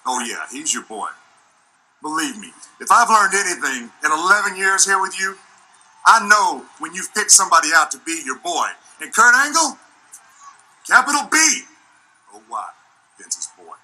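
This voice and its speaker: A cocky, drawling tough-guy wrestler, put on by a podcast host with a high voice, strained well above a normal speaking pitch. It is sharp and piercing, with a husky grit on every word. The lines are dragged out teasingly. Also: very animated, normal speed, long pauses, heavily acted, rough recording. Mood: mocking.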